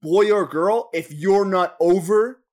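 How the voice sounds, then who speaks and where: A man co-hosting a podcast, chatting crudely and profanely with loud bursts of laughter. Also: high-pitched, slow. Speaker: podcast co-host. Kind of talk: crude casual chat.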